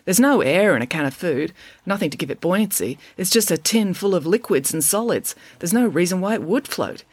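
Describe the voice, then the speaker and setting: A woman's voice: lowish voice, lively intonation, fairly quick, darkish tone, husky, no echo. A woman voicing a clever, matter-of-fact schoolgirl who explains things logically, recorded close and dry. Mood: brisk.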